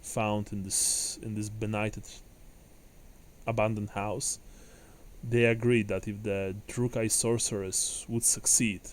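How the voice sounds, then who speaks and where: A man's voice: lowish voice, level tone, slow. Man voicing a grave city official. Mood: grave, formal.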